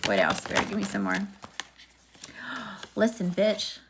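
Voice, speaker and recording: A woman's voice: fairly low pitch, huge pitch swings, takes it slowly, fairly bright tone, a little hiss or hum. A woman, chatting sassily with viewers while giving a casual live-stream tarot reading. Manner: sassy, chatty, talks to viewers. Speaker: tarot reader.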